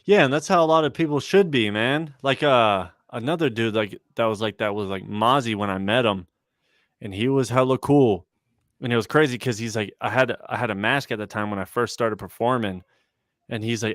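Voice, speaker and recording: A man's voice: mid-range voice, fairly even intonation, a little fast, fairly bright tone, dry recording, studio quality. Laid-back young man, slangy storyteller. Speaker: rapper and guest. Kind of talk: casual chat on a livestream podcast.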